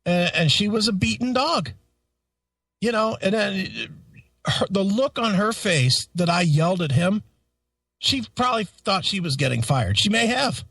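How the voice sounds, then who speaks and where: A man's voice: sits high, unhurried, dry recording, recorded from a distance. A man co-hosting a radio show, telling a story in a profane, casual way, swearing constantly and laughing as he talks. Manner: animated, swears constantly, laughs through stories. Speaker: radio co-host.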